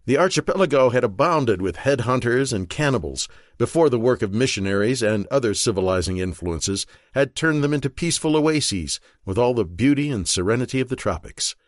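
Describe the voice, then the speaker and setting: A man reading a thriller audiobook in a measured, steady narration. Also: on the low side, no echo, clean studio sound. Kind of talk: scripted narration.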